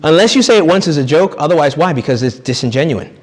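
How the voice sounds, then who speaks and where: A man's voice: on the high side, lively intonation, quick pace, long reverb tail. A man giving a retreat talk as a priest, in a conversational, joking way, acting out quoted people. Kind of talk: retreat sermon.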